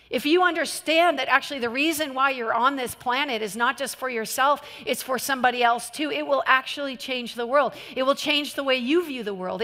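A woman preaching a sermon, telling stories in an animated way and laughing now and then. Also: sits high. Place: church hall. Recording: long reverb of a large hall.

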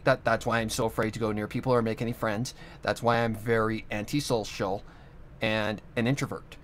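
A man's voice: on the low side, fairly bright tone, a little hiss or hum. A young man talking into the camera in a rambling, earnest monologue, swearing often as he talks about his own past. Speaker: channel host. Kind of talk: casual monologue.

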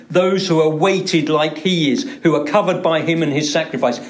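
A man's voice: high voice, lively intonation, moderate pace, few pauses. Emphatic man preaching a sermon. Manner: emphatic, repeats words for stress. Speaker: pastor. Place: church.

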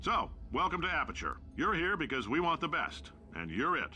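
Brash boastful corporate boss for a game; sarcastic pitchman delivery, bright and forceful. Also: very animated, normal speed, a little hiss or hum, full character voice. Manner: brash, sarcastic salesman patter. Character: brash boastful male company boss, middle-aged. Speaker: game character, company CEO. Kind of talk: recorded game dialogue.

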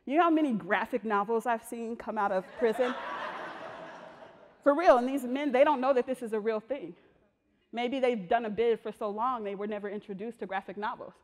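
A woman artist giving a talk, telling personal stories in a lively, slangy way. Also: a little high, fairly quick. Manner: lively, slangy storytelling that acts out voices. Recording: long reverb of a large hall.

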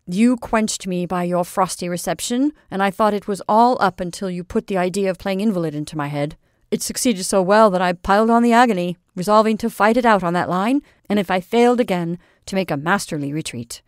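A woman's voice: medium pitch, a little fast, no echo, close to an everyday voice. A proud young soldier teases his sweetheart with playful bravado, as a woman reads him aloud. His talk is boastful and earnest at once, in a storybook reading with a dry, close sound. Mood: proud, teasing. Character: young male soldier lover, proud and teasing.

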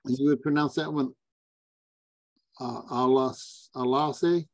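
A male student asks questions in a class, halting and repeating words as he goes. His voice sounds dry and close. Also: medium pitch, fairly even intonation, darkish tone, dry recording. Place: church classroom.

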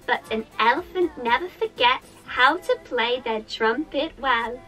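A woman's voice: fairly high pitch, lively intonation, a little slow, few pauses, sharp tone, soft background music. Cheerful British woman teaching small children. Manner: cheerful, sing-song, talks directly to children. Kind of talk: interactive kids' music session.

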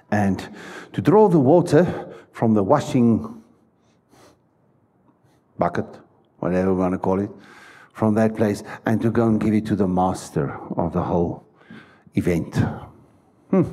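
A man's voice: on the low side, warm tone. A man preaching a sermon in a church, stressing his points and putting questions to the congregation. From South Africa. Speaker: pastor.

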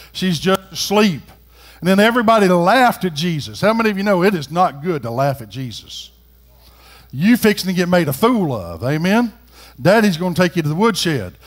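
A middle-aged man preaching a sermon as pastor, folksy, swinging from quiet talk to loud, rising calls. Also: on the high side. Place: church sanctuary.

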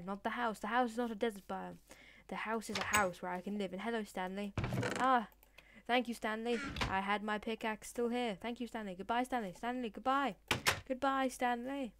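A woman's voice: medium pitch, steady tone. A woman hosting a let's play, chattering randomly and sillily in a put-on voice. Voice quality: deliberately put-on voice. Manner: silly, rambling, random chatter to in-game pets. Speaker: gaming channel host. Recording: noisy recording with clicks.

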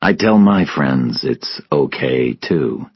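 Weary, somber male officer, very low voice, husky, read by a male narrator. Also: animated, takes it slowly, no echo, highs cut off, exaggerated voice. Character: weary, grieving male officer, steady and quiet.

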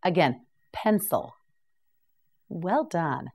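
Slow, deliberate woman teaching vocabulary. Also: on the low side, sing-song, a little mellow, breathy edge. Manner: repeats each word slowly and evenly, with brief praise. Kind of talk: slow, clear vocabulary drill for beginners.

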